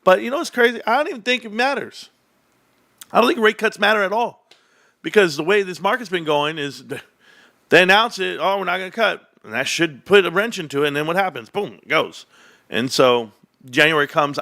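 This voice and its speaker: A man hosting a casual livestream, talking about stocks in an animated, boastful, rambling way. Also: mid-range voice, no echo, clean studio sound. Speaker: host.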